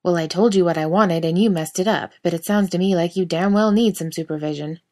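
A woman voicing a rude, demanding middle-aged male customer who snaps gruffly. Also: lowish voice, brisk, mellow, natural voice. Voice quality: gruff, snapping.

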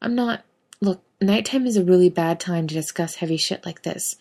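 Blunt, swearing young male hunter, awkward with feelings, a slightly low voice, read by a woman; audiobook fan fiction reading. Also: normal speed, gravelly, darkish tone. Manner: swears bluntly, fumbles for words.

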